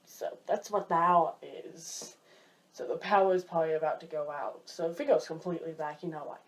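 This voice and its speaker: A woman talking casually to camera in a vlog, animated, jumping high when she mimics people and dropping low for asides. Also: moderate pace. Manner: drops low and quiet for asides. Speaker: vlogger.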